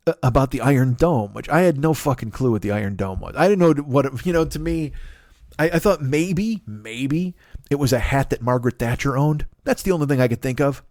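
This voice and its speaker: A man in his forties, host of a comedy podcast, rambling through a profane, animated monologue with lots of asides. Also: medium pitch, no echo, studio quality. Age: 40s.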